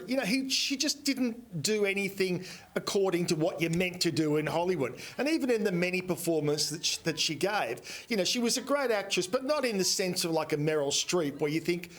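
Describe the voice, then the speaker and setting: A man's voice: high voice, expressive, normal speed, a bit bright. Chatty man with a raised voice. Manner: chatty, enthusiastic storyteller. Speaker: entertainment editor. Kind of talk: morning TV entertainment segment.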